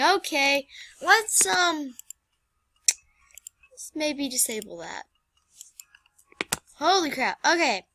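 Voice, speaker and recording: A woman's voice: high voice, animated, takes it slowly, long pauses, bright, forceful tone. A young woman hosting a casual let's-play, flustered and exclaiming as she plays. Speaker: gameplay channel host.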